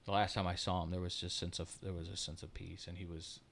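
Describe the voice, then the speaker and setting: A lowish-voiced man, cohosting a casual podcast. He tells long, rambling family stories full of swearing. He gets loud and laughing at the funny parts and drops low and quiet when he turns reflective. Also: flat delivery, quick pace, gravelly, a little hiss or hum. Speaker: podcast co-host. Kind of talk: casual storytelling chat.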